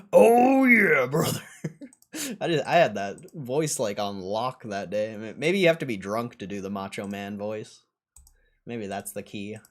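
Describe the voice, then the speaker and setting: A man's voice: on the low side, expressive, moderate pace. Laid-back, sarcastic young man. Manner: sarcastic, laid-back, swears and laughs often. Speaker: stock livestream host. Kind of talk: casual livestream chat reading comments.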